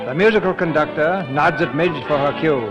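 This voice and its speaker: Old-time radio announcer, man, slightly high voice, measured, loud music behind. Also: dull audio. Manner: measured and formal. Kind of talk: scripted radio narration. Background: orchestra music.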